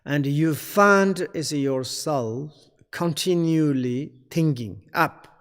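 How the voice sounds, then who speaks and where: A man giving a spiritual teaching in halting English, searching for words, with many fillers and throat-clearing. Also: on the high side, big-room sound. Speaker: Buddhist teacher.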